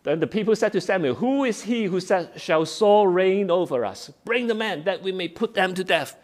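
A preacher with a high-sitting voice, lively intonation, and moderate pace reads Bible verses aloud. He then explains them in plain, simple words, restarting often, in a sermon styled as Bible study exposition.

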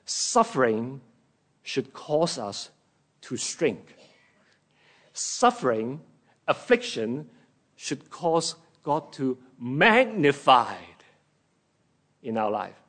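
A man preaching a sermon to his congregation, slow and emphatic, acting out scripture quotes in dramatic voices. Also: mid-range voice, sing-song, fairly bright tone.

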